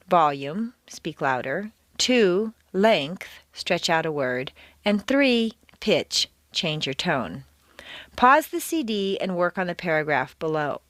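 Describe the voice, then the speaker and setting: A woman delivers a scripted pronunciation lesson in a lowish voice whose pitch swings widely from word to word. Her instructions are clear and deliberate, with stressed words pushed hard. The recording is dry and close. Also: fairly bright tone, no echo. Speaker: accent coach.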